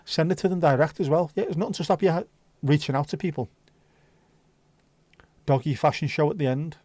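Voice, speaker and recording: Scouse male streamer, warm low-key tone, dry close sound, rambling casual chat. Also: steady tone, a little fast, dry recording. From Liverpool, England. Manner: chatty, rambling, swears freely. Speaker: livestream host.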